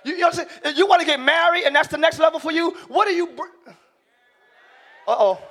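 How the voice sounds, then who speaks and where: A middle-aged man preaching a sermon in a church, shouting key lines and slowing down for emphasis while joking with the congregation. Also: very high voice. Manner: joking, talks directly to the congregation. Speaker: pastor. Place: church sanctuary.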